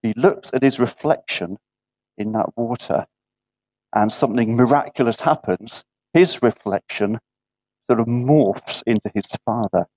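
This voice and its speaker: A man gives an unhurried sermon at a church gathering, taking his time over every phrase. He keeps asking the room questions and checking in with a quick "yeah?". The recording sounds dull and lo-fi. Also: medium pitch, a little mellow. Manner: questions the audience often, with repeated "yeah" checks. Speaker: preacher. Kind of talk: interactive sermon.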